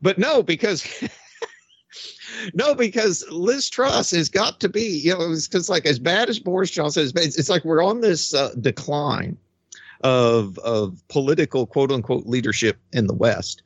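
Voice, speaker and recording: A man's voice: on the high side, expressive, measured pace, husky, dry recording, muffled recording. A man giving sarcastic political commentary, mocking his subject and laughing at his own jokes. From United States.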